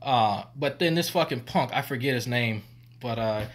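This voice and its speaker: A man's voice: mid-range voice, moderate pace. A man, a former army medic, telling stories on a stream in a rambling, profane and laughing way. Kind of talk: casual storytelling on stream.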